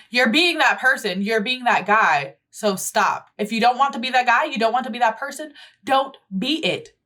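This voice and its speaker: A woman's voice: fairly high pitch, expressive, moderate pace, hardly any pauses, bright, forceful tone. Blunt, profane woman host. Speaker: YouTube host. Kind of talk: casual reaction commentary.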